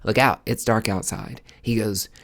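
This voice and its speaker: A male podcast host telling a personal story in casual, animated talk, full of fillers and restarts, acting out what people said. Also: a little slow, vocal fry. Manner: acts out quoted dialogue with sudden high outbursts.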